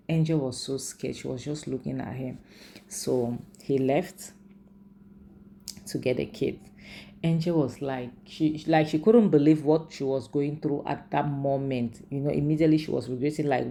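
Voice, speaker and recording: Woman, film recap vlogger, dark warm gravelly voice, faint background hiss. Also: rumbling low, fairly even intonation, moderate pace. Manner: chatty, heavy use of "like" and "you know". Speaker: film reviewer. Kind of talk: casual movie recap and commentary.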